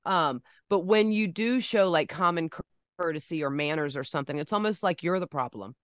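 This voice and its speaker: A woman's voice: lowish voice, a little fast. A woman co-hosting a casual video-call chat in a joking, down-to-earth way. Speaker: co-host.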